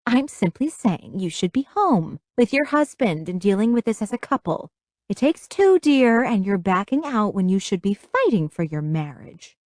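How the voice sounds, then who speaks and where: Narrator playing a devout, lecturing middle-aged mother, lively, preachy, in a dry audiobook read. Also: medium pitch, moderate pace, no echo, natural voice. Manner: lecturing, instructive, finger-wagging.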